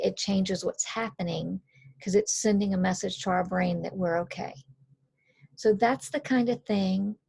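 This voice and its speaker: Calm, earnest woman coach with a low, husky, fry-edged voice. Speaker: coach and author. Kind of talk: conversational explainer.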